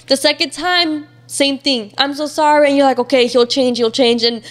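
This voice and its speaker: A woman's voice: high-pitched, fairly even intonation, normal speed. A young woman speaking candidly as a guest in a casual interview, talking openly with many fillers. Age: young adult. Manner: casual and open, many fillers, near tears at times.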